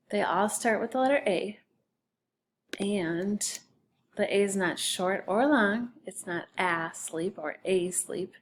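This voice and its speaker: A woman's voice: medium pitch, a little hiss or hum. A woman teacher giving a recorded spelling lesson for children, patiently sounding out each word by syllable.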